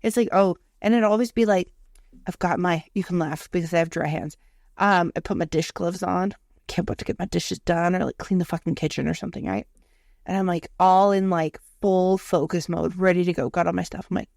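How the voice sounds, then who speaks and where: A woman co-hosting a podcast, telling animated, profane stories in casual chat. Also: lowish voice, brisk, gravelly, no room sound, studio quality. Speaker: podcast co-host.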